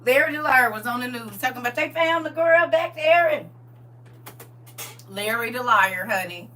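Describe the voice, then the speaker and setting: Speaking at an ordinary pace with a somewhat high voice, this middle-aged livestream host casually shares a story with her audience. She's lively, laughs along the way, and performs the quoted lines. The audio comes from a far-off mic carrying a slight hum.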